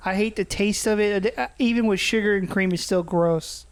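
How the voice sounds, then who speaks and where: A man's voice: high-pitched, moderate pace. A man co-hosting a podcast in casual chat, rambling and swearing freely. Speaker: podcast co-host.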